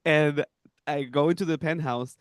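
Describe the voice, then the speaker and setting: A young man from Peru co-hosting a podcast, telling a story in animated casual chat with lots of laughs and fillers. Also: fairly high pitch, moderate pace, dry recording, clean studio sound. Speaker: podcast co-host.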